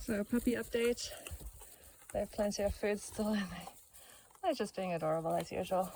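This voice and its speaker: A woman's voice: medium pitch, normal speed, pauses often, dark tone. A woman chatting casually through a vlog, talking her camera through her garden, and baby-talking to her pets. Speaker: vlogger. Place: outdoors at a rural house and garden.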